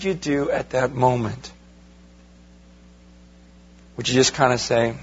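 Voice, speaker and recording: A man's voice: medium pitch, a little slow, long pauses, lo-fi sound, a little hiss or hum. A man, a pastor, preaching a sermon in a conversational way, asking rhetorical questions and talking straight to his congregation. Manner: addresses the congregation directly.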